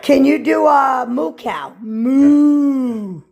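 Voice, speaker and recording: Woman coaxing her dog, gravelly and lively. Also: a little high, slow pace. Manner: coaxing, playful, praising. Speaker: pet owner. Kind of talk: casual talk to a pet.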